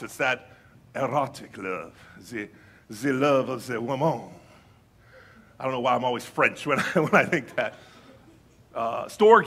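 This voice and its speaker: A male pastor giving a conversational sermon with playful asides, reading scripture slowly and deliberately. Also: a little high, pushed and bright, breathy edge.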